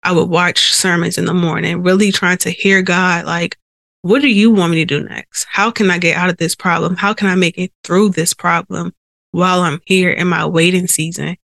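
A woman's voice: on the low side, fairly even intonation, normal speed, creaky, fairly bright tone, no echo. A woman hosting a faith podcast, telling her personal testimony in an earnest, conversational way, with held breaths and sighs caught by a sensitive microphone. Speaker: podcast host.

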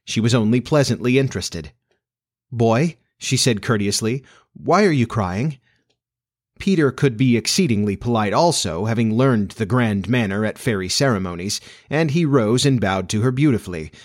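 A man narrating a children's classic as an audiobook in a measured, expressive storytelling manner. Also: fairly low pitch.

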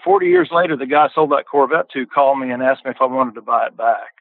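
On a tinny, dry phone line with no echo, an older podcast guest with a mid-range voice talks fast. He casually spins folksy car stories, frequently repeating words at the start of his sentences.

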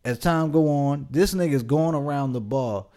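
A man's voice: a little high, normal speed, warm tone. A man in his late twenties telling a casual, profane story on a podcast and often laughing as he talks. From Pasadena area, California. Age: 20s. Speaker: podcast co-host.

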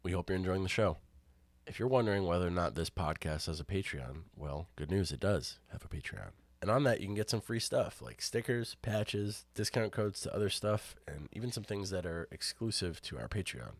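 A congested man with a deep voice gives a friendly, upbeat sponsor read for his podcast. The sound is dry and close. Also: animated, fairly quick, no room sound. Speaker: podcast host reading an ad.

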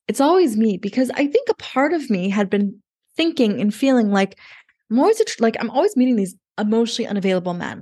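A woman in her thirties, a podcast guest, telling her story in a chatty way with lots of "like" and quoted thoughts. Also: mid-range voice. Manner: chatty, lots of "like", relives moments in quoted inner voice. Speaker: podcast guest, dating coach. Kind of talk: casual interview storytelling.

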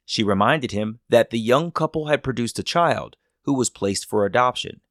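Expressive male podcast host narrating. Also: medium pitch, moderate pace, no room sound, studio quality.

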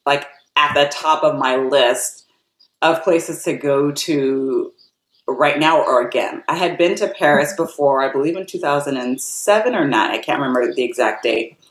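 An American woman telling a personal travel story in a chatty, casual way, with many "like"s and acted-out quotes. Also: moderate pace. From United States. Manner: chatty, lots of "like", acts out quotes in a higher voice. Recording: roomy echo.

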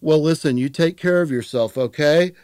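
A man voicing a steady foster father who talks in an earnest, insistent way. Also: a little high, normal speed, clean tone, no echo, studio quality, voice pushed up, close to an everyday voice. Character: steady, sure-of-himself older foster father.

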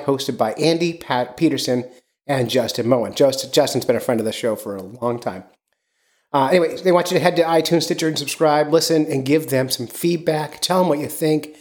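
A man's voice: fairly high pitch, a little fast. Chatty man hosting a podcast. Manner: rambling, upbeat, many fillers. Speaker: podcast host. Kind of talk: casual podcast chat.

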